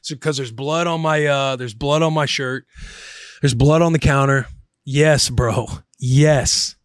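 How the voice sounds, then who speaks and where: A man in his thirties, a podcast host, telling a story in a casual, animated way, swearing and calling his listener bro. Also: medium pitch, slow pace, smooth, no echo, studio quality.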